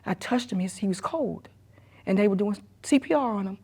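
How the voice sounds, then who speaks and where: Middle-aged woman, hushed halting testimony. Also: mid-range voice, animated, husky. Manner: halting, repetitive retelling, often sinking to a hushed near-whisper. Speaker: emergency room nurse and grieving mother. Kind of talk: personal testimony in a documentary interview.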